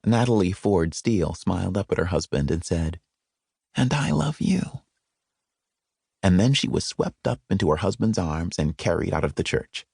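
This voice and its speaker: A man narrating an audiobook with expressive, wry storytelling, recorded close in a studio. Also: sits low, moderate pace, creaky, few pauses, husky, no room sound. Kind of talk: scripted narration. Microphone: close studio mic.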